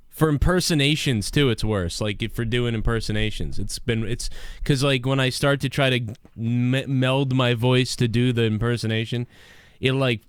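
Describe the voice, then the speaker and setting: A man hosting a livestream show, talking in a rambling, profane rant, his voice worn and rough from years of yelling. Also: medium pitch, dry recording.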